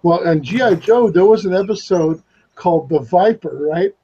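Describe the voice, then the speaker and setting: A man's voice: high voice, expressive, moderate pace, warm tone, dull audio. A man hosting a casual podcast chat, rambling and swearing as he tells a story over an online voice call.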